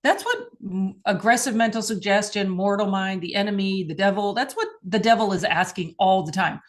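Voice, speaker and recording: A woman's voice: mid-range voice, normal speed, few pauses. A woman hosting a spiritual mindset show, teaching in a casual, earnest way, acting out questions and laughing now and then. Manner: earnest, animated, laughs often, acts out questions.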